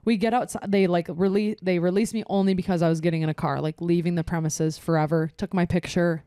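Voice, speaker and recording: A young woman hosting a casual chat, telling a rambling, animated story full of "like" and laughter. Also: lowish voice, fast talker, no echo, studio quality.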